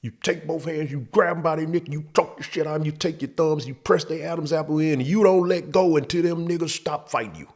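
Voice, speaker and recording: A man's voice: fairly high pitch, quick pace, few pauses, darkish tone, pitched above the performer's own voice. A man playing a stern, blunt stepfather who gives profane, matter-of-fact advice. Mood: instructing. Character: stern working-class stepfather, gruff and blunt.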